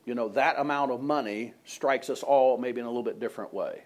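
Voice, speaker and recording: A man's voice: medium pitch, brisk. Conversational male pastor preaching. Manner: conversational storytelling, frequent "I mean," questions to the congregation. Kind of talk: sermon.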